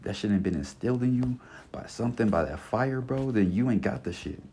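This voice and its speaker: A man's voice: fairly low pitch, lively intonation, brisk, dark tone, a little hiss or hum. A man in his twenties giving a blunt, passionate solo podcast rant, full of slang and cursing, circling back and repeating his points. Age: 20s. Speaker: podcast host. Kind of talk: casual monologue rant.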